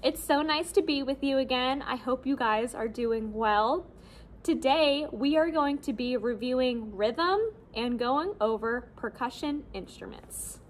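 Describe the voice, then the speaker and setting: A young woman teaching children a music lesson on rhythm, cheerful and clear, modeling syllables for them to repeat. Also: sits high, a little slow, slight background noise. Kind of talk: classroom lesson video for children.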